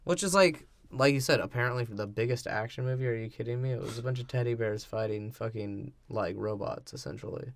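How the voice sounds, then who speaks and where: A man's voice: medium pitch, fairly quick, few pauses. A man co-hosting a casual podcast, laughing often and swearing as he breaks down a movie. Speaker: podcast co-host.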